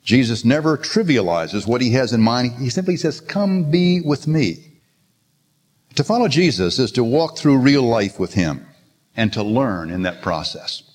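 A man's voice: mid-range voice, sing-song, moderate pace. An older man preaching a sermon in an earnest, storytelling manner, quoting scripture with emphasis. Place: church sanctuary. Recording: long reverb of a large hall.

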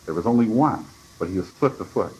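A man voicing a great majestic lion in a storybook reading, slow and solemn. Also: fairly low pitch, lively intonation, darkish tone, close to an everyday voice, rough recording.

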